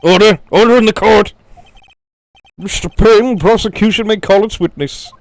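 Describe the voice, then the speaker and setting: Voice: mid-range voice, moderate pace, no echo, lightly acted, poor audio. A let's-play player voicing a stern elderly judge who speaks formally and commands order.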